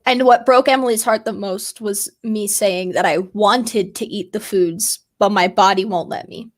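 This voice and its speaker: A woman's voice: medium pitch, moderate pace. A woman co-hosting a casual podcast chat, talking in a chatty, self-deprecating way with lots of "like" fillers. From United States. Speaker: co-host.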